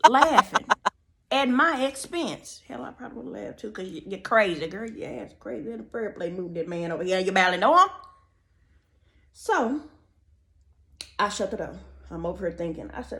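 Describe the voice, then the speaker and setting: A woman's voice: mid-range voice, moderate pace, creaky. Sassy young woman telling a story. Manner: sassy, animated, talks straight to viewers; chatty asides while doing her makeup. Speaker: storytime vlogger. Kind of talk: casual storytime chat.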